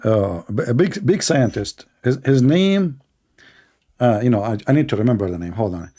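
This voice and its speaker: A man's voice: mid-range voice, expressive, moderate pace, dark tone. A man giving mocking, exasperated commentary, sarcastic and laughing. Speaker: religious debate commentator.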